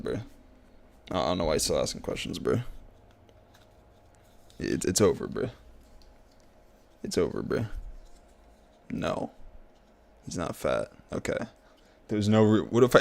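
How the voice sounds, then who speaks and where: A young male streamer with a lowish, gravelly voice, chatting to himself as he plays. He talks in loose slang, circles back over the same words again and again, and sounds worn out by the game. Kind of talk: casual gaming commentary.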